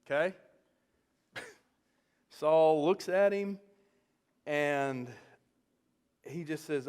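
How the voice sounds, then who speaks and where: A male pastor preaching a sermon, animated as he tells a story and often checking in with "okay?". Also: fairly high pitch, extremely slow, pauses often, smooth, long reverb tail.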